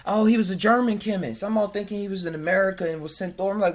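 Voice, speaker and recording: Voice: mid-range voice, quick pace, few pauses. A podcast host in casual chat who jokes, laughs often, and stumbles over hard words while reading aloud from web pages.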